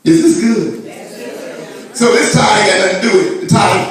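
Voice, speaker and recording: A man preaching a sermon to his congregation, with shouted and sung peaks and playful asides, recorded in a church sanctuary. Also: sits high, expressive, moderate pace. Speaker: pastor. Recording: echoey church from far off.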